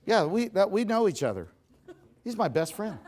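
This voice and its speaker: A middle-aged man giving a humorous seminar talk to a live audience, animated and joking, speaking straight to the crowd. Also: high-pitched, moderate pace. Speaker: motivational speaker.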